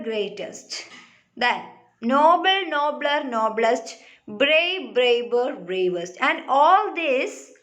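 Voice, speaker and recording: A woman with a Malayali English accent teaches a grammar lesson to a class. Her voice sits high, and she talks at an unhurried pace. She says words over slowly and keeps checking in with the class. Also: fairly bright tone. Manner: checks in with "huh?" and "clear?", repeats words slowly.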